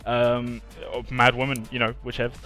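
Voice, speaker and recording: Man, streamer, rambling casual chat, mid pitch, faint music behind. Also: completely flat delivery, moderate pace, pushed and bright. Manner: rambling, many restarts, easy laughter. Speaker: streamer and game developer.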